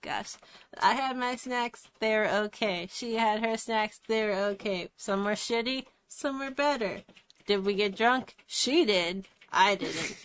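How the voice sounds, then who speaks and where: A woman's voice: medium pitch, measured pace, fairly bright tone, a little hiss or hum. A woman hosting a podcast in casual chat, blunt and dry-humored, swearing freely. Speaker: podcast host.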